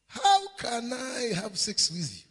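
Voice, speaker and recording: Preacher playing a pleading young slave. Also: male voice, very high-pitched, huge pitch swings, takes it slowly, slightly rough, pitched above the performer's own voice, heavily acted. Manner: repeating the same pleading question. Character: pleading young male slave, devout and upright. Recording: long hall reverb.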